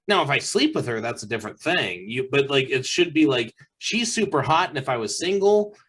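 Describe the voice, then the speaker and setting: A man's voice: mid-range voice, very animated, fairly quick, fairly bright tone, slightly rough. A man co-hosting a comedy podcast, arguing his point emphatically in casual chat. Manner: emphatic, argumentative. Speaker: podcast co-host.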